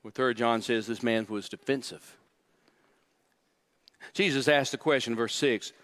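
A man's voice: mid-range voice, measured pace. Emphatic male preacher. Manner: emphatic, repeats key phrases, swings from hushed to loud. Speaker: pastor. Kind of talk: sermon.

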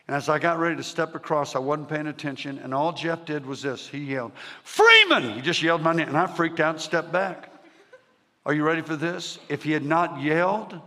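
Guy preaching his life story to a crowd, kinda high and punchy voice, big echoey church hall. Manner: animated, swings from shouting to hushed. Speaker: preacher giving his testimony. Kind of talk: storytelling sermon to a live audience. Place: large church hall with audience. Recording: reverberant hall sound.

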